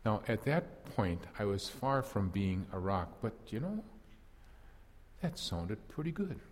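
A man's voice: fairly low pitch, big pitch swings, measured pace, in a large hall. A man playing an impulsive apostle fisherman in a first-person dramatic monologue, telling his story earnestly and reflectively with wry self-deprecation.

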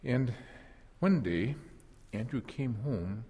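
A man's voice: mid-range voice, animated, slow pace, warm tone, breathy edge, in a large hall, heavily acted. A man playing an impulsive apostle fisherman in a first-person dramatic monologue, telling his story earnestly and reflectively with wry self-deprecation.

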